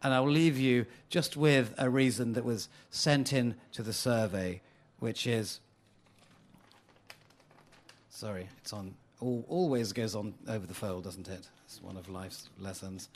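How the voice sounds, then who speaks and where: A man's voice: lowish voice, steady tone, measured pace. A man giving a playful, chuckling talk to a live audience in a hall.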